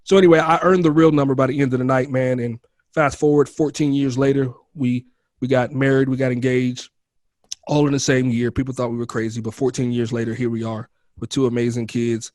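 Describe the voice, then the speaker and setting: A man's voice: mid-range voice, flat delivery, brisk, darkish tone, no room sound. A man with an everyday mid-range voice tells his story as a podcast guest, candid and slangy. He keeps calling the host bro and man, and the recording is close and dry with no room sound. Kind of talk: casual storytelling in an interview.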